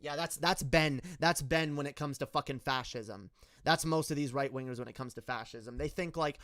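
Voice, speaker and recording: A man's voice: mid-range voice, moderate pace, a bit bright, no room sound. A man giving a heated, profane political rant, full of stammered restarts. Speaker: political commentator. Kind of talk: casual ranting commentary.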